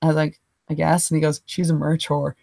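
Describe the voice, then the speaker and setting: A woman's voice: sits low, a little fast, gravelly, no room sound. Irish woman telling a story, dry sound. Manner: animated anecdote-teller who swears freely and mimics others in quotes. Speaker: podcast co-host. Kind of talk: casual storytelling chat.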